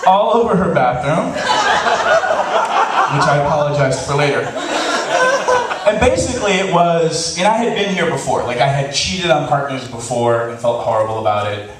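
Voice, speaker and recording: Animated male storyteller in an echoey hall. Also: fairly high pitch, moderate pace, recorded from a distance. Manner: animated, laughing, acts out quotes. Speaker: storyteller on stage. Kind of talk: live comedic storytelling. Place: large hall before a live audience. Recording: echoey live hall recording, faint hiss.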